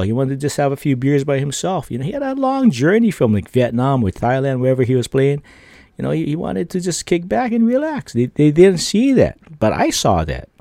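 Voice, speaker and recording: A man hosts his own podcast and tells a loose, rambling story packed with fillers and tag questions. He laughs between lines. His voice is mellow and warm, and the sound is dry with no room echo. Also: fairly high pitch, vocal fry. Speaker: podcast host. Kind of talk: casual storytelling.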